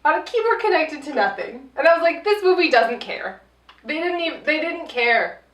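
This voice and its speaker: A woman co-hosting a casual movie review podcast, animated and swearing freely as she acts out scenes. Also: high voice, normal speed. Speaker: podcast co-host. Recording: echoey room, voice a bit far from mic.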